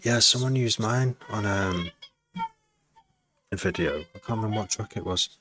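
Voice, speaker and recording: Man from Cheshire, music producer, casual rambling stream chat, deep voice. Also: moderate pace. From Cheshire, England. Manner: rambling, chatty, full of asides.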